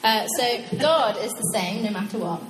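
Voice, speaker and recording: A young woman preaching a casual, animated sermon, chatty and quick to laugh at her own asides. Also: fairly high pitch, noisy background. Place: church hall. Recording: echoey hall with long reverb.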